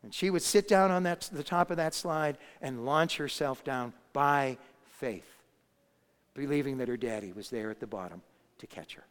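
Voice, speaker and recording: A man's voice: medium pitch, normal speed, clean tone. A man preaching a sermon, telling a story and building to emphatic moments. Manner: storytelling, rising to emphatic peaks. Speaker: pastor. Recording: long hall reverb.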